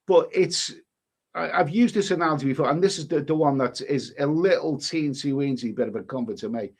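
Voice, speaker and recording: Reading viewer comments during his travel live stream, this vlogger sounds on the high side, brisk and slightly rough. He rambles, goes over the same points again, and lets out mild swearing in an exasperated tone.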